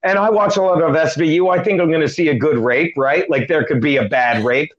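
A middle-aged male comedian telling a long story in an interview, with animated, quick joking delivery and acted-out quotes. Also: fairly high pitch. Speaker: comedian guest. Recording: dull lo-fi sound.

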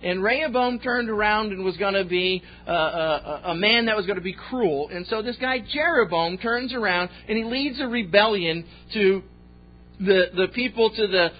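A man pastor preaching a sermon with folksy storytelling and jokes, on a slightly dull recording. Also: high-pitched.

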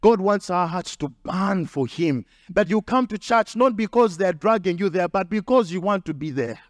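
High-pitched guy preaching hard, repeats lines for punch, close dry mic. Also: expressive, moderate pace, no room sound. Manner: emphatic preaching with repetition and acted quotes. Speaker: pastor. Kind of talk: sermon.

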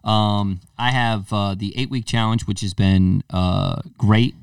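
A man's voice: lowish voice, takes it slowly, smooth, dry recording, studio quality, distant mic. A man hosting a podcast, chatting casually and acting out voices as he tells stories. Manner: animated storyteller, acts out quoted voices. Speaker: podcast host. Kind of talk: casual chat.

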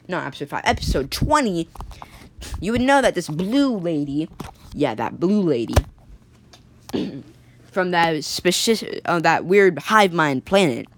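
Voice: mid-range voice, fairly bright tone. A storyteller telling an improvised story in a casual, rambling way, full of fillers and restarts.

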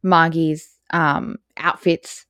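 A woman's voice: low-pitched, flat delivery, drawn-out words, fairly bright tone, clear, resonant tone, no echo, studio quality. A young woman co-hosting a podcast in casual chat, blunt and laughing often. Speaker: podcast co-host.

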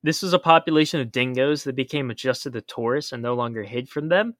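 A man's voice: medium pitch, fast, fairly bright tone, no echo, studio quality. A man co-hosting a podcast, explaining in a casual chat with emphatic warnings. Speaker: podcast co-host.

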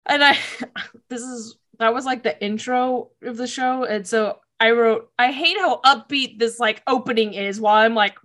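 A woman's voice: fairly high pitch, moderate pace, fairly bright tone. A woman casually recapping episodes of a show, emotional and gushing, laughing often and saying "like" a lot.

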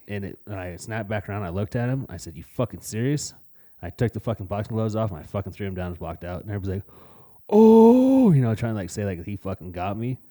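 A man's voice: fairly low pitch, dark tone. A man co-hosting a casual podcast, telling blunt, profanity-heavy stories from his youth. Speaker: podcast co-host. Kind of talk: casual storytelling chat.

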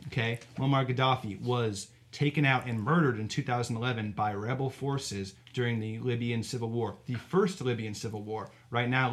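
A man, co-hosting a podcast, talking in an opinionated, argumentative way and asking rhetorical questions. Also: mid-range voice. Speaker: podcast co-host. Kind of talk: casual podcast talk.

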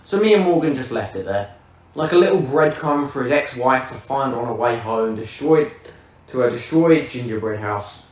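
A man's voice: medium pitch, expressive, normal speed. A man hosting a podcast who tells a vivid, swear-laden comic story in casual chat. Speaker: podcast host. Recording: roomy, distant mic.

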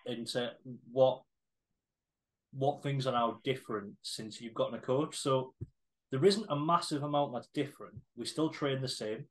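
A man's voice: medium pitch, normal speed, low-quality recording. Laid-back man. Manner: laid-back, swearing, hesitant fillers. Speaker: podcast co-host. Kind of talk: casual podcast chat.

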